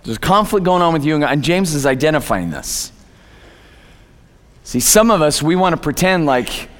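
A man's voice: mid-range voice, animated, normal speed. A man preaching a sermon as pastor, in a conversational way, often repeating words as he goes. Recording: echoey hall.

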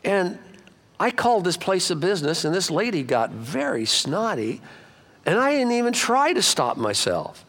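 A middle-aged man preaching a sermon as pastor, swinging between loud emphatic lines and low quiet asides. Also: normal speed. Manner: animated preaching with wide swings of pitch and loudness.

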